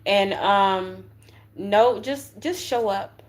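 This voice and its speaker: A woman with a mid-range voice gives a casual spiritual tarot reading, speaking extremely slowly. She's chatty and slangy as a tarot reader, often checking in with "right?" and tossing in curse words.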